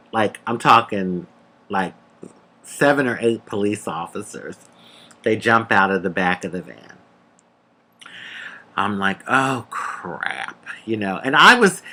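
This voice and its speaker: Sassy, animated storytelling woman. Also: extremely low pitch. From United States. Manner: animated, sassy, calls the listener honey; laughs between lines. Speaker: vlogger. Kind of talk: casual personal storytelling.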